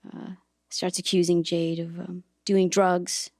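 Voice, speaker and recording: A woman's voice: fairly low pitch, little pitch movement, slow pace, darkish tone, no echo, clean studio sound. A woman hosting a podcast, telling a personal story in a reflective, earnest way, with hesitations and restarts. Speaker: podcast host and author.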